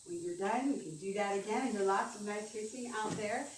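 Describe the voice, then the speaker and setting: A woman's voice: medium pitch, fairly quick, slight background noise. A woman voice coach giving an upbeat, encouraging talk at a conference, leading the audience through breathing exercises. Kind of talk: presentation on stage. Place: conference hall. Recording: roomy hall sound from a distance, faint ambience.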